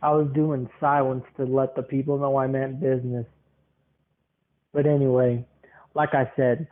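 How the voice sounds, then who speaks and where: A man's voice: mid-range voice, little pitch movement, moderate pace, long pauses. A man in his twenties hosting a podcast, telling stories in a rambling, chuckling way. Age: 20s. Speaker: podcast host. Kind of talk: casual rambling monologue. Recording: tinny phone-like lo-fi sound.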